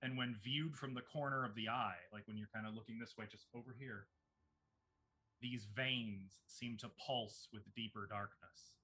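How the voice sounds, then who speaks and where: A man narrates as game master of a tabletop game, with a bright, clear tone at an ordinary pitch. He describes scenes at an easy pace and stops to explain the rules. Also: fairly even intonation, normal speed.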